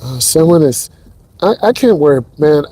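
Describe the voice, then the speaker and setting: A man's voice: on the high side, expressive, normal speed, mellow, husky. A man working as a driving instructor, giving hyped, talk-to-the-viewer commentary from inside a car while he drives. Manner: hyped, talks straight to viewers. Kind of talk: live driving lesson commentary.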